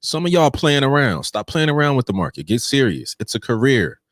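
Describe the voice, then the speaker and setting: Energetic man hosting a live trading show. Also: mid-range voice, brisk, dry recording, clean studio sound. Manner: energetic, preachy and playful, addressing viewers directly. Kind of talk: live pre-market trading talk.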